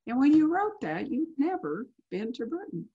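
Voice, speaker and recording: A woman's voice: high voice, sing-song, moderate pace, warm tone, lo-fi sound. A woman interviewing an author, chatty and enthusiastic in a casual conversation.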